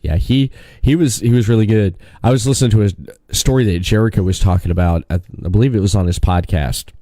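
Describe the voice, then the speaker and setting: Male podcast host, low and mellow, easygoing with his guest. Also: fast talker, no room sound, studio quality. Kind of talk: casual chat.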